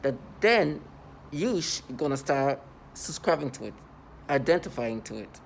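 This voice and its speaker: A man's voice: fairly high pitch, big pitch swings, a little slow, gravelly, a little hiss or hum. A man in an unscripted vlog monologue, rambling and repetitive, earnest and agitated, full of fillers and restarts. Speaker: vlogger.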